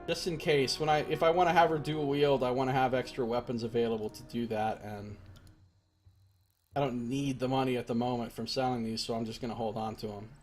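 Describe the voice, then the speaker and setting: A man giving casual, chatty commentary while streaming a video game, thinking out loud as he plays. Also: mid-range voice, fairly even intonation, fairly quick, soft background music. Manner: chatty, thinks aloud, reads game text.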